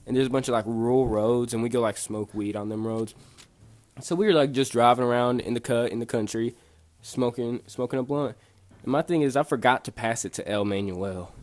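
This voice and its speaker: A man's voice: medium pitch, a little mellow. A young man from Bosnia casually telling a rambling, profane story full of fillers and restarts. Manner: laid-back, rambling, profane, lots of fillers.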